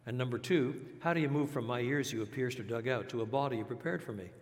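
A man's voice: mid-range voice, quick pace. Older man, preacher from French Canada, teacherly sermon, rhetorical questions, long hall reverb. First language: bilingual English and French. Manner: teacherly, asks rhetorical questions, repeats words.

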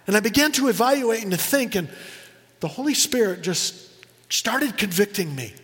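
A middle-aged man preaching a sermon, telling personal stories earnestly and slowing down for emphasis. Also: sits high, lively intonation, fairly bright tone, slightly rough, in a large hall. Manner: earnest storytelling, slows for emphasis. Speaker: pastor.

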